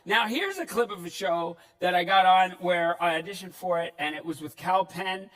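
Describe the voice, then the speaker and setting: A Canadian actor giving a conference keynote, animated and self-deprecating, acting out quotes as he tells stories. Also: high-pitched, normal speed, distant mic, poor audio. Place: conference hall.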